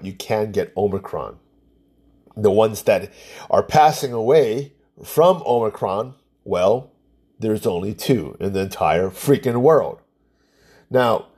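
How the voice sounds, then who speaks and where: Male commentator, mellow and husky, sarcastic and rambling in a casual monologue. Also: mid-range voice. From Hawaii. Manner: sarcastic, scoffing, rambling with restarts.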